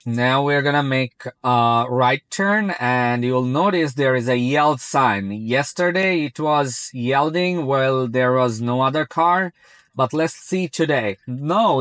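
A man's voice: medium pitch, animated, a little slow, fairly bright tone, no room sound. A man speaking English as a second language, chatting casually while driving and commenting on his car's self-driving, often repeating "very" and "like". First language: not English. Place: inside a moving car.

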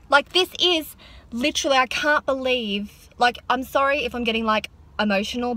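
A young Australian woman in her twenties vlogging casually about her day, chatty and excitable with lots of filler words. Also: mid-range voice. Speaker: beauty vlogger. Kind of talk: casual vlog chat. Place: in a car, then indoors at home.

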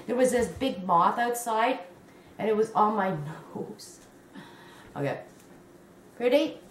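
A woman's voice: on the high side, takes it slowly. Gushing woman in an echoey room. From Canada. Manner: gushing and excitable, with many exclamations. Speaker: crochet vlogger. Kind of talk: unboxing a gift on camera. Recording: echoey room with faint noise.

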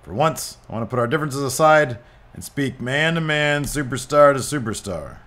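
A man's voice: mid-range voice, lively intonation, moderate pace, fairly bright tone, voice pushed up, natural voice. A man voicing a proud male wrestler who speaks earnestly and formally in a promo, read out over gameplay.

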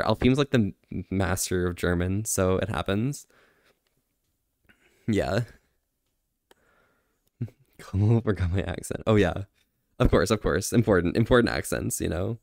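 A man's voice: deep voice, measured pace, gravelly, long pauses, no room sound, clean studio sound. A man streaming casually, answering chat, laughing often and trying out phrases in other languages with self-deprecating humor.

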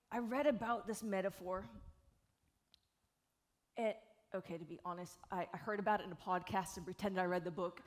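Her voice sits on the low side, her pace is moderate, and she leaves long pauses. This South Carolina woman in her 40s is a keynote speaker and live speed painter, addressing an audience on an event stage in a lively, jokey, frank way and swearing casually.

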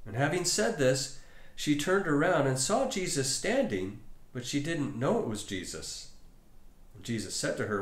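Dramatic preacher, roomy church. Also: male voice, mid-range voice, sing-song. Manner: dramatic storytelling with long pauses. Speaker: pastor. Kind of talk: sermon.

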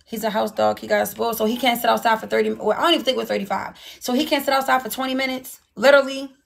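Woman livestream host, blunt ranting talk, slightly high gravelly voice. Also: fairly even intonation, very fast. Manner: blunt, ranting, swears a lot. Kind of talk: casual livestream chat.

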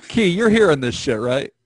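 Joking young male podcast host. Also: on the high side. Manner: rambling, joking, crude. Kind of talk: casual podcast chat. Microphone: online call.

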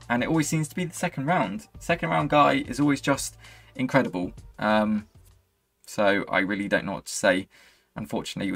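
A young gaming channel host with a medium-pitched, slightly rough voice gives live commentary on his own football video game match. He lurches between hype and frustration as the game unfolds.

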